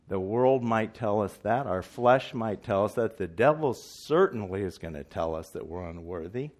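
Guy giving a sermon at a church meeting, lowish voice, earnest, keeps asking the room questions. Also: lively intonation, measured pace, a little mellow. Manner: earnest, emphatic, asks the audience questions. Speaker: preacher.

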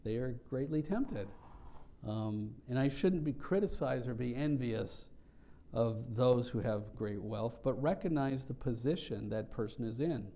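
A man's voice: medium pitch, measured pace, mellow. A man pastor preaching a sermon, earnest and reflective, explaining scripture with frequent restarts.

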